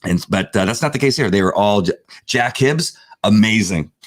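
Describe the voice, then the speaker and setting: Deep-voiced man telling a story. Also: moderate pace, no echo, studio quality. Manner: animated storyteller with frequent fillers. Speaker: podcast co-host. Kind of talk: casual chat.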